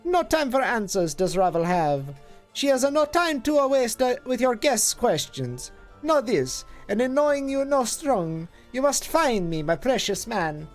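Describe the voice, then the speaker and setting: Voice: medium pitch, very animated, faint music behind, voice pushed up. A streamer voicing an ancient female hag, cryptic and possessive, with archaic twisted phrasing and a drifting put-on foreign lilt. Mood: gloating. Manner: archaic twisted word order, hissing and drawn-out.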